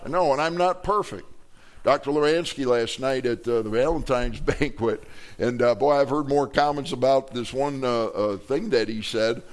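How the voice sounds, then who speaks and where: A man's voice: mid-range voice, moderate pace. A man preaching a sermon from a church pulpit to his congregation, talking in a loose, conversational way, restarting his words and joking with the people. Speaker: pastor. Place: church sanctuary.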